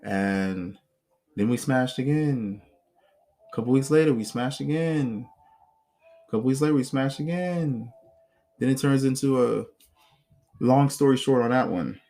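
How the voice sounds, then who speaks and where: A man hosting a podcast, telling personal stories in a blunt, profane, animated way. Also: medium pitch, a little slow, pauses often. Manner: blunt, profane, animated retelling with acted quotes. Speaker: podcast host. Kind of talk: casual storytelling monologue.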